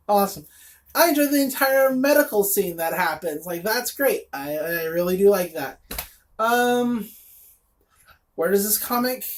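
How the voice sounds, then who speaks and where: A woman reviewing a comic in casual chat, blunt and sarcastic, with lots of fillers and asides. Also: on the high side.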